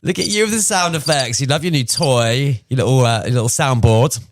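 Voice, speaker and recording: A man's voice: mid-range voice, brisk, background noise. A young man co-hosting a podcast, hungover, giggling often as he tells stories in casual chat. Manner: giggly, laughs often while storytelling. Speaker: podcast co-host.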